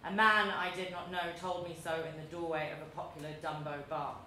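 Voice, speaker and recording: A woman in her thirties from London with a London accent, reading her own essay aloud to an audience in a measured, deliberate, wry way. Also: on the low side, little pitch movement, sharp tone. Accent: London English. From London, England. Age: 30s. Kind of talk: live reading of a personal essay. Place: large echoey museum event space. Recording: very echoey room, faint background noise.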